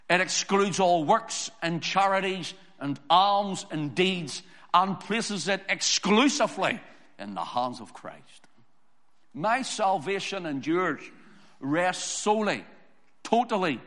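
A man's voice: high voice, a bit bright. A man preaching a sermon in an emphatic, repetitive cadence, building lists of phrases. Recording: long hall reverb.

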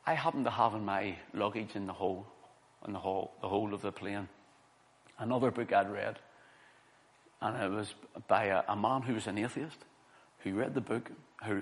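A man's voice: lowish voice, steady tone, fairly quick. A middle-aged man preaching a sermon and telling a story from his own life, earnest and building to emphatic stresses.

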